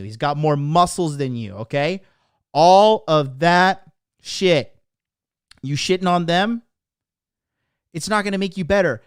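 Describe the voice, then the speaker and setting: A man's voice: fairly high pitch, smooth, dry recording, clean studio sound. A man in his thirties hosting a live stream, talking casually in an emphatic, profane, preachy way. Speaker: host.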